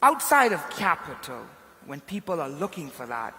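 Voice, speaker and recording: A man's voice: fairly high pitch, sing-song, moderate pace, bright, forceful tone. A man hosting an event and interviewing a speaker on stage, enthusiastic and prompting. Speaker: event host. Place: large ballroom. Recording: long hall reverb.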